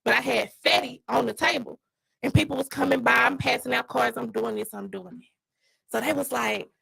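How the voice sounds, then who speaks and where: A woman on a podcast tells a story in a casual, animated way. Her voice sits a bit high and runs heavily gravelly. It is husky, and her delivery is blunt and full of swearing. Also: moderate pace, poor audio. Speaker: podcast co-host and dog breeder.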